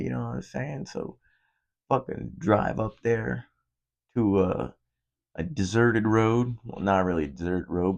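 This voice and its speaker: Gravelly, low-voiced young man rambling. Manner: profane, loose storytelling. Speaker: podcast host. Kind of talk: casual rambling monologue.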